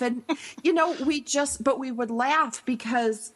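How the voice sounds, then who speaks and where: A woman from a small town in northern New York, telling funny stories in casual chat as a guest on a radio talk show, animated and quick to giggle. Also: high voice. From small town in northern New York State. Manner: animated, giggly, self-deprecating storyteller.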